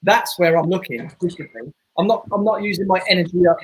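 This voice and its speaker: Male podcast guest, husky, high-pitched, earnest. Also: fast, low-quality recording. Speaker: podcast guest, barbershop owner. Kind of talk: casual podcast chat.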